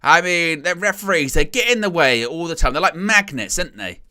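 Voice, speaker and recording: A man talks through a football match in a relaxed, chatty way, with a bright, forceful voice. He's wry about the game and gets loud and excited when a chance comes. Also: on the high side, a little fast. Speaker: watchalong match commentator. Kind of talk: casual live match commentary.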